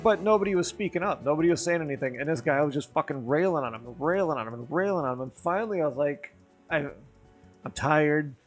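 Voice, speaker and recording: A man's voice: fairly high pitch, fast, faint music behind. Tipsy, swearing male streamer. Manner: rambling, profane, animated when riled. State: drinking, tipsy. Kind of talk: casual storytelling chat.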